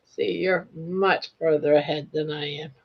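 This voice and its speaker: A woman's voice: low voice, fairly even intonation, a little slow, creaky, slightly rough, muffled recording. A woman guest chatting casually about crochet, joking at her own expense. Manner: self-deprecating, joking. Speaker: panel guest on a crochet live stream. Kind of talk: casual chat.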